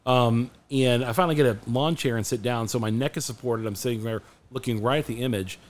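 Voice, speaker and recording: A man co-hosting a podcast, telling a story in casual chat, animated and often restarting his sentences. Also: medium pitch, fairly quick. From Phoenix area, USA. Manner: animated, restarts a lot, acts out quotes. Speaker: podcast co-host.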